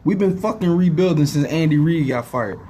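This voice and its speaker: Nursing a headache, a young sports fan rants to camera, heated and profane, and keeps saying "know what I'm saying." He talks briskly in a fairly high, expressive, mellow voice, with a little hiss or hum in the audio.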